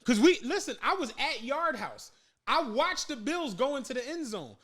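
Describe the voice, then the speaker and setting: Animated high-voiced man telling stories. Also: normal speed. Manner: animated storytelling, profane, acts out quotes. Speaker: podcast co-host. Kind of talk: casual chat.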